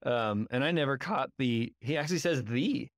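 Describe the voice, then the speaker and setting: A man's voice: mid-range voice, normal speed, no echo, clean studio sound. A man co-hosting a podcast in casual discussion, upbeat and engaged as he talks through scenes. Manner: upbeat, engaged, animated when retelling scenes. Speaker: podcast co-host.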